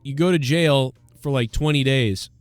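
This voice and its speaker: A man's voice: mid-range voice, normal speed, no room sound. A man hosting a casual live Q&A stream, rambling and thinking aloud with lots of fillers. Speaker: livestream show host.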